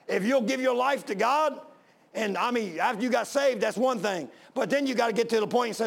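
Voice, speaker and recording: Gravelly, high-voiced preacher man. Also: fairly quick. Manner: fervent, rising to emphatic pleas. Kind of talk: sermon with personal story.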